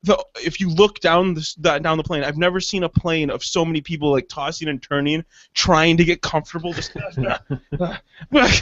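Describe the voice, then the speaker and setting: A podcast co-host with a notably high voice, cursing and laughing his way through a long tale. The sound is dry and close, with slightly muffled top end. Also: steady tone, normal speed, fairly bright tone, no echo. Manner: profane rambling storyteller, laughs often. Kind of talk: casual comedic chat.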